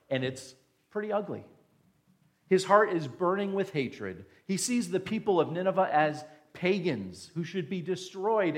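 A male pastor delivers a sermon in a slow, deliberate way. His voice sits a little high, and he drives his points home with emphatic rhetorical questions.

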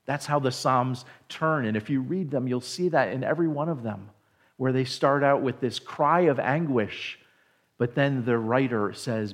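A man preaching a sermon to his congregation, slow and deliberate, dropping to a hushed voice on solemn phrases. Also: medium pitch. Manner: slow, deliberate preaching with dramatic drops in volume. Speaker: pastor.

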